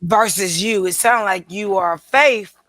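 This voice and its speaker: A woman preacher hosting a casual interview, animated and teasing, calling her viewers y'all and honey. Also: medium pitch, unhurried, no echo. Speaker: preacher and show host.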